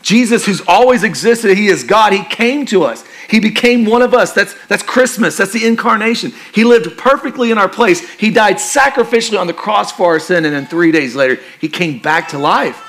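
A male pastor preaching a sermon in a conversational, joking style that turns quiet and earnest for emphasis. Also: sits high, normal speed, hardly any pauses.

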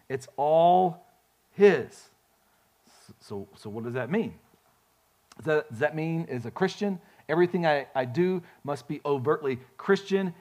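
A male pastor preaching a sermon, folksy and animated, telling stories with frequent restarts. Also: fairly high pitch. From grew up on a farm.

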